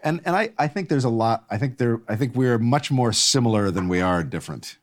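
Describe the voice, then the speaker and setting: A man's voice: mid-range voice, expressive, fairly quick. A man talking as a guest in a casual chat, wry and opinionated, arguing with vivid examples.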